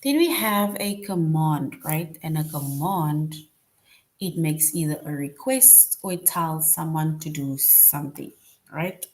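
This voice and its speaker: Slow, patient woman teaching young kids. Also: low-pitched, animated, darkish tone. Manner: patient, repeats points, tags "right?" often; slow, deliberate. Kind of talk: online lesson for young children.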